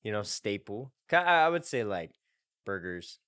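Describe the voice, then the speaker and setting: A man's voice: fairly low pitch, big pitch swings, moderate pace, a bit bright, smooth, no echo, studio quality. A young man hosting a podcast, rambling casually with lots of laughter. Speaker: podcast host. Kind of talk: casual chat.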